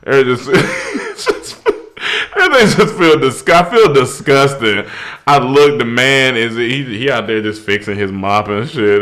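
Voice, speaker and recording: Young male storyteller, casual and animated, with bursts of laughter and high shouting. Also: moderate pace. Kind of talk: comedic story.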